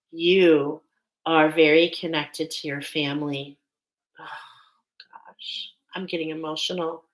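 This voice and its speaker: A woman delivers a live channeled reading, speaking slowly and with many pauses. Her voice sits somewhat low. She keeps breaking off to check in with "okay" before carrying on. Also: a bit bright, low-quality recording. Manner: halting, often checks in with "okay". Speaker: intuitive reader.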